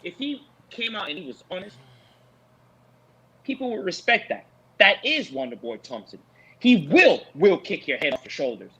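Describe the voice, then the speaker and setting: Lively, husky man lecturing with emphasis. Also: sits high, normal speed, rough recording. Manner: preachy, emphatic, repeats lines for effect, mocks with put-on voices. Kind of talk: animated post-fight talk show discussion.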